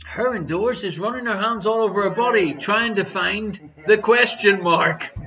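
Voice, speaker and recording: A man's voice: high voice, moderate pace, bright, forceful tone, lo-fi sound. A man hosting a streamed quiz, joking and chuckling between questions. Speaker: quiz host. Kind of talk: live-streamed quiz chat.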